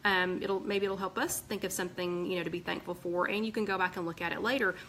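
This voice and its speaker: A fast-talking woman with a lowish, fairly even voice and a Southern American accent hosts a weight-loss group's live chat, responding to viewer comments. Slightly tired but chatty, she makes warm asides and often says um or restarts. There's a little hiss or hum on this rough recording.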